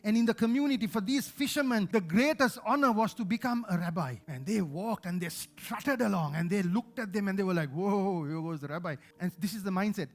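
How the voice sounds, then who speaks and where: A man with a Sri Lankan accent preaching a sermon as pastor, passionate, swinging between loud emphasis and hushed asides. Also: high-pitched, fairly quick, few pauses.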